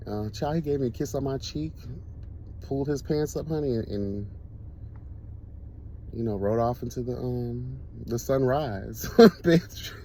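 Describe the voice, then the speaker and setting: A man hosting a casual talk show, telling stories in a camp, animated way and laughing often. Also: mid-range voice, unhurried, pauses often, a little hiss or hum. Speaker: host. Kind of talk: casual storytelling chat.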